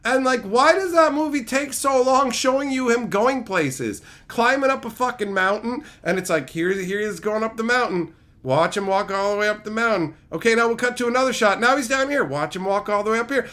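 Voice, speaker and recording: A man with a notably high voice hosts a casual livestream. He answers viewer chat and tears into old movies with animated, profanity-laden rants. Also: fairly quick. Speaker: streamer.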